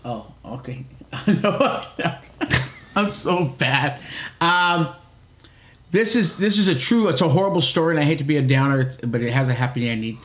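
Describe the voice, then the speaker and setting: A man's voice: fairly high pitch, lively intonation, normal speed, echoey room. Rambling middle-aged man telling a story. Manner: rambling storyteller, frequent restarts and swearing. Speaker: podcast co-host. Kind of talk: casual chat.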